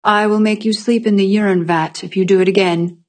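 A woman's voice: medium pitch, steady tone, brisk, darkish tone, natural voice. A woman reading as a stern, commanding tanner woman. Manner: cold, commanding, threatening. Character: stern demanding female tanner and teacher.

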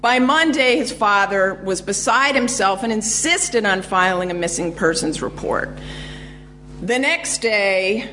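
A woman giving a public history lecture, telling a story in a measured way with frequent ums and uhs. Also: mid-range voice, lively intonation, sharp tone, a little hiss or hum.

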